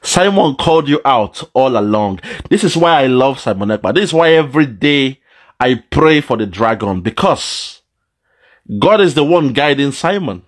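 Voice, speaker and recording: A man giving an impassioned commentary, swinging between loud outbursts and low, mournful asides. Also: expressive, normal speed. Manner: dramatic, swings between shouting and low lament. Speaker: political commentator. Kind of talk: impassioned monologue.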